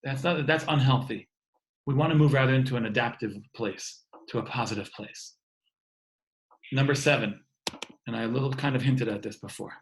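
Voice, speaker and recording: Guy in his 30s doing an encouraging talk over a video call from home, average pitch, restarts his words a lot. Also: normal speed, creaky, a little hiss or hum, poor audio. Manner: earnest, often repeats words. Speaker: speaker giving an online talk. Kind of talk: warm inspirational talk to an online audience.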